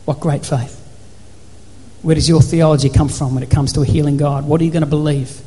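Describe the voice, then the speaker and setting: A man preaching a sermon as pastor, building to repeated, shouted phrases. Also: fairly high pitch, steady tone, brisk. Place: church hall. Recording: reverberant church hall.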